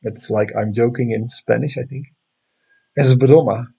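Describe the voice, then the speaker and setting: A man's voice: medium pitch, steady tone, measured pace, vocal fry, warm tone, husky. A man with a Dutch accent hosting a casual astronomy livestream, chatting loosely with viewers and reading out their comments, with frequent fillers. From Netherlands. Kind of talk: casual live-stream chat.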